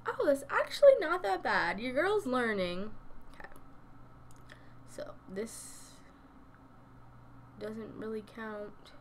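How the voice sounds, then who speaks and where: A woman's voice: on the high side, very animated, a little slow, slight background noise. A young woman giving casual gameplay commentary from home, chatty and thinking aloud, often dropping to a murmur. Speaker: gaming YouTuber.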